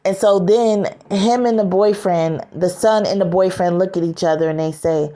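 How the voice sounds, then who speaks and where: A woman's voice: on the low side, moderate pace, few pauses, mellow. A woman casually retelling a story scene, hesitant, with many filler sounds.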